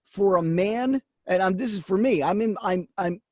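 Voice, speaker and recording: High-pitched man in his forties, dry sound. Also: no echo. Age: 40s. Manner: halting, restarts, joking banter. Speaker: podcast co-host. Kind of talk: casual podcast chat.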